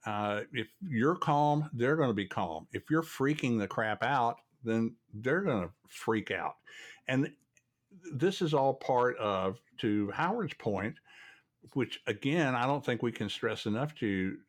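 A man's voice: medium pitch, lively intonation, slow. A man, a podcast host telling folksy stories from his work in radiology. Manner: folksy, storytelling, chatty. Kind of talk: casual chat.

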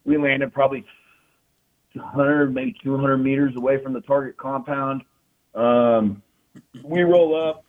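A man's voice: mid-range voice, steady tone. A man telling war stories in casual, profane talk, full of fillers and repeated "you know what I mean". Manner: casual, profane, fast storytelling with frequent fillers. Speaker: military veteran guest. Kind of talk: casual storytelling. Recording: tinny phone-like sound.

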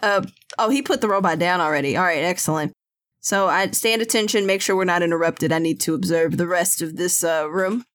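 A woman's voice: fairly low pitch, brisk, fairly bright tone. Hesitant woman tabletop player. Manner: hesitant, many fillers and restarts. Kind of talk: casual tabletop play.

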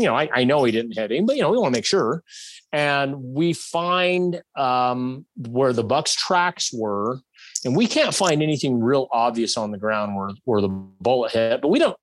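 A man telling a hunting story in a casual, animated way, acting out shots and bits of dialogue. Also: mid-range voice, no room sound.

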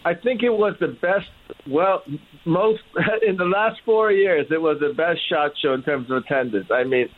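A man answers questions as a guest on a talk radio show in a relaxed, brief way. His slightly high voice comes through a thin, tinny phone line. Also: normal speed. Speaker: radio guest, company CEO. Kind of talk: call-in interview answers.

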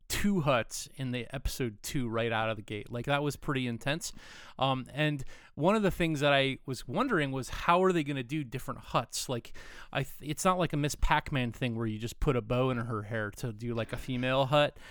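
A man's voice: medium pitch, moderate pace, a bit bright, smooth, dry recording, studio quality. A man co-hosting a casual chat, talking enthusiastically with lots of fillers. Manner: enthusiastic, rambling with many fillers. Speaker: podcast co-host.

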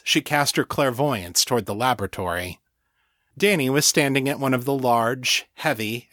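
A man narrating a serial audiobook in a steady, measured way, recorded on a close mic. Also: medium pitch, dry recording. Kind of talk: scripted narration.

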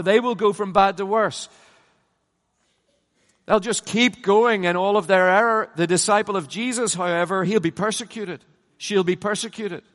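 A middle-aged man preaching from a stage in a large conference hall, his voice sitting a little high for a man. He is emphatic, pushing up to loud passionate peaks, then sinking low and quiet to land a point. A long reverb trails after each phrase. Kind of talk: conference sermon.

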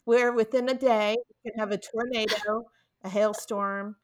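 A woman's voice: mid-range voice, steady tone, normal speed, slight background noise. A middle-aged woman from Texas, a guest on a podcast interview, telling stories and acting out her own quoted lines. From Texas, USA. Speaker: guest author.

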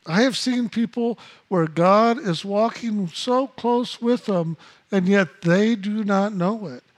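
A man's voice: high-pitched, slow pace. A man giving a spiritual teaching talk, emphatic and repetitive, with blunt asides.

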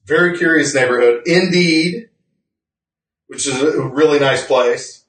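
A man's voice: on the high side, a little slow, a bit bright, recorded from a distance. A man co-hosting a podcast in casual chat, rambling, self-correcting, and laughing often. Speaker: podcast co-host. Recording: roomy sound from off-mic.

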